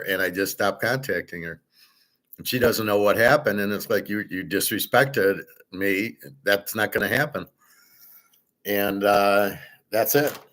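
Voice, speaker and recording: A man's voice: lowish voice, fairly bright tone. A man hosting his own show, talking casually in a rambling, opinionated and blunt way, sometimes swearing. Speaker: host. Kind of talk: casual unscripted monologue.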